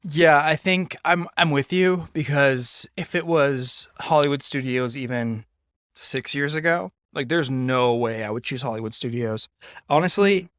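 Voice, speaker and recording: A man's voice: medium pitch, measured pace, fairly bright tone, dry recording, clean studio sound. A man in his thirties co-hosting a casual podcast, teasing in a playful way and often restarting his sentences. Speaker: podcast co-host. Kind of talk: casual chat.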